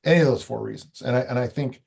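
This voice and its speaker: A man's voice: medium pitch, fast talker, creaky, darkish tone, breathy edge. A man, a strength coach guest, talking in a loose, rambling way with dry humor. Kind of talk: conversational interview.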